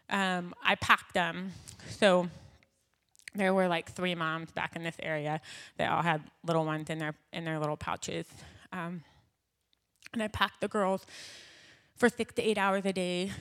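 A woman's voice: fairly low pitch, fairly bright tone. A woman in her thirties giving a heartfelt, conversational testimony to a church gathering, with frequent fillers and an emotional tone. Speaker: church speaker. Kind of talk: personal testimony in a church talk.

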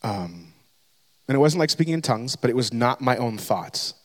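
A man's voice: medium pitch, animated, moderate pace. A man, a pastor in his thirties, telling a candid, self-deprecating personal story as a sermon, with frequent restarts. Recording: long hall reverb.

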